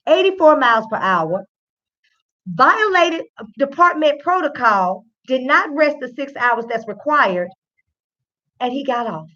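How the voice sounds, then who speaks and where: Folksy woman giving legal commentary. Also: high voice. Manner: lively, folksy, talks straight to viewers. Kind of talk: casual commentary to an online audience. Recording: dull lo-fi sound.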